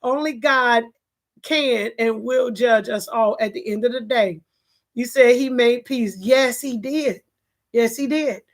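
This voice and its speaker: A woman with a high voice talks to her live-stream viewers from home. She tells a personal story earnestly, repeating phrases and restarting sentences as she goes, and stops to answer comments from the chat. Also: steady tone, measured pace, darkish tone. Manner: earnest, repetitive, restarts often.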